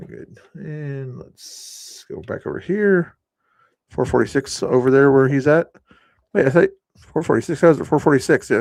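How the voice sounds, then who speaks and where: A man's voice: mid-range voice, a little mellow, no room sound. A man hosts a late-night live stream from his home setup. He talks in a loose, rambling way straight to his viewers. The mic sound is dry and close. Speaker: livestream host. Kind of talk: casual live-stream chat.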